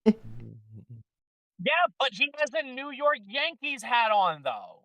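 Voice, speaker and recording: A man in his twenties co-hosting a live stream, talking in an animated, playfully defensive way. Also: very high-pitched, slow pace, no echo, poor audio. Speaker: co-host. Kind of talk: casual live-stream banter.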